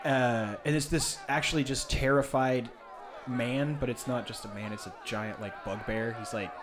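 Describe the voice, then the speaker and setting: A man's voice: medium pitch, fairly even intonation, moderate pace, a crowd in the background. A man narrating as game master in a tabletop game, loose and full of fillers.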